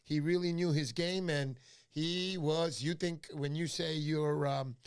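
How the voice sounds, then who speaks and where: A man's voice: fairly high pitch, steady tone, unhurried, smooth. A man hosting a casual fishing livestream, talking loosely with lots of fillers. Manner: rambling storyteller with many fillers. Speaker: livestream host. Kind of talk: casual live-stream chat.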